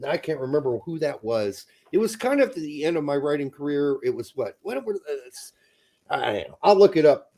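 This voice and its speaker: A man chatting on a soccer podcast, with a slightly high voice that leaps around a lot. He swears freely and now and then breaks into loud mock tirades. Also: a little fast. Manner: profane, animated, swings into loud mock outbursts. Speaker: podcast co-host. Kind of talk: casual chat.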